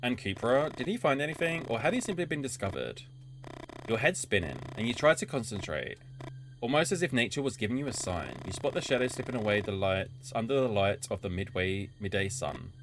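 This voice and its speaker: A man's voice: medium pitch, sing-song, fairly quick, a bit bright, slight background noise. A man streaming a story game, reading its narration aloud and breaking off to chat and swear about what happens. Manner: reads narration evenly, then chats and swears in asides. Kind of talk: reading game text aloud with casual commentary. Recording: game music behind the voice.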